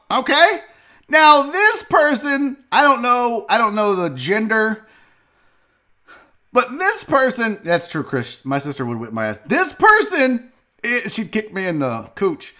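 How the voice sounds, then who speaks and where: A man hosts a live sports and entertainment stream, chatting loosely with viewers and addressing some of them by name in rambling asides. When reacting to clips he gets loud, profane and joking, often laughing and shouting. His voice is very high-pitched and sing-song, and he speaks unhurriedly.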